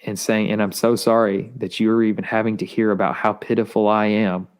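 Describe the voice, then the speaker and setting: A man earnestly telling a personal testimony in an interview, halting and repeating words, his voice rising as he gets intense. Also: lowish voice, little pitch movement, smooth. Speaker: guest sharing testimony.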